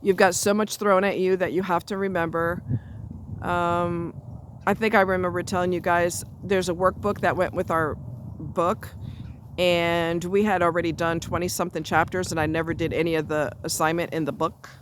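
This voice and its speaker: A woman's voice: lowish voice, little pitch movement, moderate pace, slight background noise. Woman, vlogger. Blunt, chatty storyteller recorded outdoors on a phone. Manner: blunt, salty and chatty, with frequent asides. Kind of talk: casual storytelling chat. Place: outdoors near a road, walking a dog.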